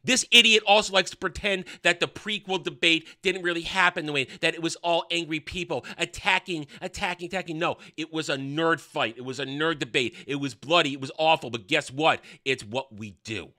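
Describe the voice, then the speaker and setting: Male host, combative rant, high-pitched, bright and tense delivery. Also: fairly quick, few pauses. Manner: combative, scornful, repeating phrases for emphasis. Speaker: commentary channel host. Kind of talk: heated opinion rant.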